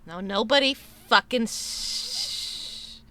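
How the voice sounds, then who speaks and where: High bright-voiced swearing streamer woman. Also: extremely slow. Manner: profane, rambling, many restarts. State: sore tooth. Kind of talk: casual live-stream chat.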